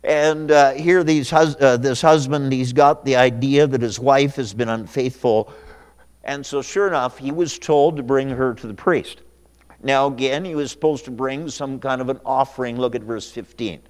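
A man's voice: mid-range voice, normal speed. A man preaching a sermon as pastor, telling a folksy story and then reading scripture aloud. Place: church sanctuary. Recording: church hall reverb.

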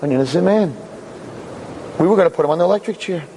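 A man voicing a stunned courtroom jury trading hushed, exclaiming asides. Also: a little high, quick pace, a little hiss or hum, close to an everyday voice, poor audio.

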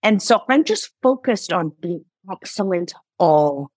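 A woman in her thirties, a company founder in a conversational interview, telling lively stories and acting out her own past lines. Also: lowish voice, unhurried, no room sound. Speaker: founder and CEO, interview guest.

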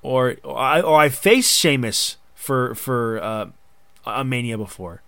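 A man hosting a casual podcast chat, excitable and rambling in long run-on bursts. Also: medium pitch, slow, no echo. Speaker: podcast host.

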